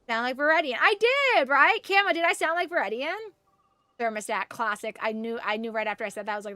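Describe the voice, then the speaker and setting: A high-pitched, bright-voiced woman from Canada chats with her stream viewers while playing a game. She talks in an animated, loose way and swears freely. The sound is dry and close. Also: fairly quick, no echo. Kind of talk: casual gaming stream chat.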